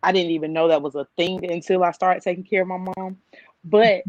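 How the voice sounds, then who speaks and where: A woman's voice: on the low side, steady tone, a little mellow, no echo. A woman who cares for her mother, talking candidly in a podcast chat and joking her way through it. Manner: candid, joking, quick to quote people. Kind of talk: casual podcast discussion. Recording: dull, lo-fi and dry.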